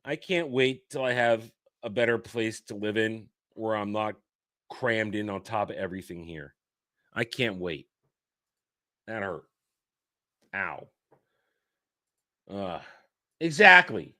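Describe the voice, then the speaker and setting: A man hosting a commentary show, ranting angrily and swearing, sometimes shouting. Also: on the low side, expressive, slow pace, long pauses. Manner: angry, profane, shouting rants. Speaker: show host.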